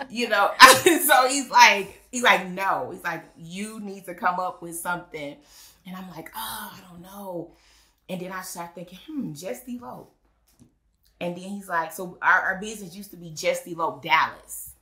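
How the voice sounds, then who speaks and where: A wedding officiant and business owner, this woman speaks at a moderate pace in a fairly low pitch. She's a lively storyteller in a relaxed interview, acting out the voices she quotes, and the room sounds echoey.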